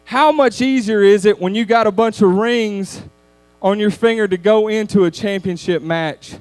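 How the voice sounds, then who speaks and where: A man delivers a youth sermon in a high-pitched voice, casual and animated as he tells his stories. The sound is dry and close, with no room echo. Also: moderate pace. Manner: conversational, animated storytelling with laughs. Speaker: youth speaker.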